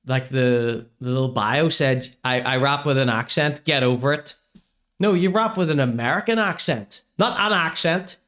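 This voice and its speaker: Guy roasting clips on his podcast, sarcastic, kinda high voice, swears a lot. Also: a bit bright. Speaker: podcast host. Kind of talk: comedic commentary on clips.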